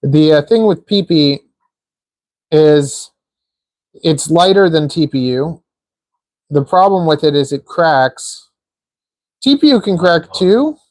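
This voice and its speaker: A man streams himself building a drone, assembling small parts while joking and rambling casually with lots of fillers. His fairly high voice is animated yet slow, with frequent pauses and a darkish tone, and there's no echo.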